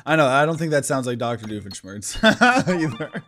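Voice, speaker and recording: A man's voice: mid-range voice, sing-song, moderate pace, fairly bright tone, soft background music. A man giving casual let's-play commentary, thinking aloud as he plays. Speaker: gaming channel host.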